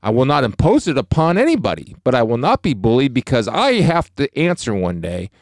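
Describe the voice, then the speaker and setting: A man's voice: mid-range voice, wildly swooping pitch, brisk, dry recording, studio quality. A middle-aged man co-hosting a faith podcast, talking earnestly and emphatically about his beliefs. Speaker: podcast co-host.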